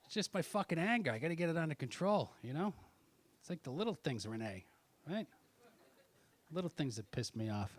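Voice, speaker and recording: A man doing stand-up comedy with crowd work, swearing constantly and swinging from muttered asides to loud angry outbursts. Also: fairly high pitch, big pitch swings, a little fast, long pauses.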